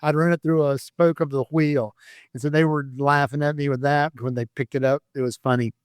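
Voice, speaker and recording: A man's voice: a little high, steady tone, brisk, smooth, no room sound, studio quality. A man in his fifties, a retired sheriff's deputy, telling rambling stories in a casual interview and laughing at himself. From Florida, USA.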